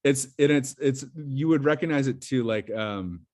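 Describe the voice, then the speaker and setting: A man's voice: medium pitch, moderate pace, a little mellow. A man as a podcast guest, telling a story in casual chat, rambling with lots of fillers and restarts.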